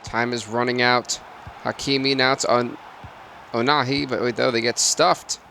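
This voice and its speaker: With a medium-pitched voice and some vocal fry, this man calls a football video game at a normal speed. He hosts a gaming channel and comments solo and casually, flaring up over big plays before sliding into muttered asides.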